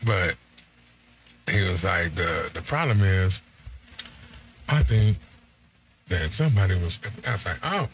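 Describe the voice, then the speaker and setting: Slow-talking laid-back man telling a story. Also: deep voice, expressive, slight background noise. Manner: laid-back, slangy, quotes himself and his friend in conversation. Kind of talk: casual storytelling.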